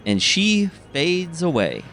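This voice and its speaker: A man's voice: fairly high pitch, wildly swooping pitch, slow, fairly bright tone, soft background music. Man narrating as game master. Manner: casual narration with self-corrections.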